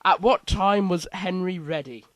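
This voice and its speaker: A man's voice: sits high, unhurried, fairly bright tone, no echo, poor audio. A man hosting a casual quiz, reading out multiple-choice options with playful asides. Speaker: quiz host.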